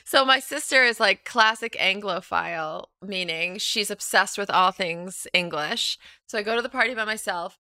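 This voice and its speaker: A woman in her thirties chatting as a guest, telling an animated story full of fillers and acted-out quotes. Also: medium pitch, normal speed, few pauses, no room sound. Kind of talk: casual chat, storytelling.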